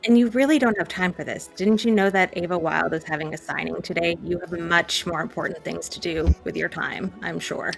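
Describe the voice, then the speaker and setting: A woman's voice: fairly low pitch, fairly even intonation, a little fast, gravelly, few pauses, soft background music, rough recording. A woman playing a tabletop game, speaking in character in a sly, persuading way. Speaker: player. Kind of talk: in-character roleplay.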